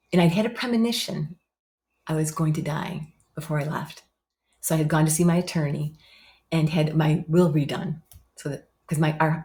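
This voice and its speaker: A woman in her fifties with a slightly low voice tells her own story as a guest. She talks in an animated way, repeats words for emphasis and often jumps up in pitch to act out what others said. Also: creaky. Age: 50s. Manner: animated, acts out others' lines in raised voice. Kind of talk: emotional personal storytelling.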